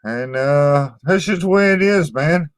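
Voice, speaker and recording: A man's voice: a little high, expressive, a little slow, clear, resonant tone, no echo, studio quality. A man hosting his own channel and chatting casually with viewers, blunt and profane, stumbling over repeated words and ending lines with "man.". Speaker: channel host reading live chat. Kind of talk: casual live-stream chat.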